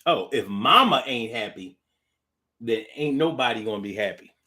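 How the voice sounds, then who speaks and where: A man's voice: medium pitch, animated, moderate pace, sharp tone. A man hosting a casual talk monologue, reading out listener comments and riffing on them in a playful, drawling way.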